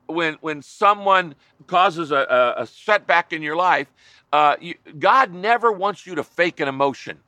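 A man's voice: fairly high pitch, pushed and bright, dry recording. A man pastor preaching a sermon, emphatic, driving home points with repeated lists.

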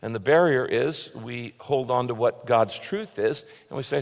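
A man preaching a sermon as a pastor, with earnest emphasis, often dropping to a soft, low voice. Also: animated, moderate pace, few pauses, in a large hall.

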